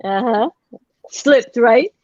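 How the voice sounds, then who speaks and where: A woman's voice: a little high, slow pace, darkish tone, no echo. A woman from the northern United States chatting as a guest collector, laughing often with hesitant fillers. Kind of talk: casual chat. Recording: dull lo-fi call audio.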